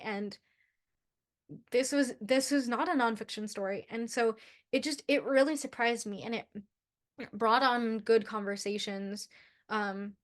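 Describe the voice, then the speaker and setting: A woman's voice: a little high, a bit bright. A young woman hosting a book vlog, chatting casually and gushing over favorite quotes, often restarting her sentences. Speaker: book vlogger. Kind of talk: casual book review chat.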